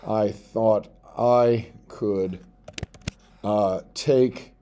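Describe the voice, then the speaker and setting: Male teacher, mellow voice, patient step-by-step classroom explainer. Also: on the low side, fairly even intonation, a little hiss or hum. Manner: explains step by step, reads out sample text slowly while typing. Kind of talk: screen-recorded tutorial.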